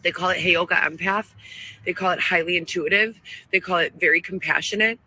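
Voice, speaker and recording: A woman's voice: on the low side, brisk, pushed and bright, breathy edge, rough recording. A woman talking in a wandering, emotional and self-righteous way, in a clip played back. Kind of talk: rambling monologue. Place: outdoors, living in a tent.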